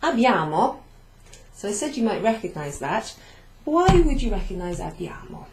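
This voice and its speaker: A woman's voice: medium pitch, big pitch swings, moderate pace. A woman teaching a beginner language class, explaining patiently, repeating phrases and writing on a board as she goes. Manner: writes on a board while talking, turning away at times. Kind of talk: recap of a beginner Italian class. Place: classroom-like room with a whiteboard. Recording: echoey room, faint background hum.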